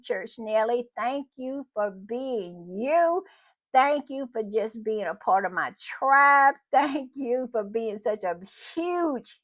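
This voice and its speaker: A woman hosting her own channel in a casual chat, effusive and repetitive as she thanks supporters. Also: high voice. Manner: effusive, repeats thanks, drawn-out emphatic phrasing. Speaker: channel host.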